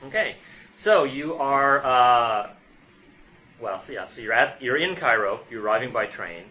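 A man narrating as game master of a tabletop game, halting often and correcting himself as he goes. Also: medium pitch, expressive, pushed and bright. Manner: halting, with many fillers and self-corrections.

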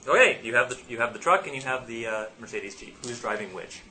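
A man's voice: mid-range voice, lively intonation, a little fast, bright, forceful tone. A man running a tabletop game as game master, improvising the scene and laughing between lines.

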